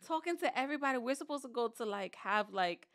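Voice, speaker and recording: Woman on a chill podcast, kinda high voice, telling a crazy story w/ voices and laughs. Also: lively intonation, quick pace, fairly bright tone. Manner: dramatic, acts out voices, laughs while telling. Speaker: podcast co-host. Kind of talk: animated storytelling chat.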